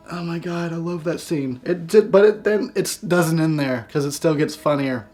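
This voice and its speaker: A man's voice: fairly high pitch, normal speed, hardly any pauses, darkish tone, faint music behind. Giggly, profane male movie reviewer. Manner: giggly, profane, breaks into laughter. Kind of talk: casual film review.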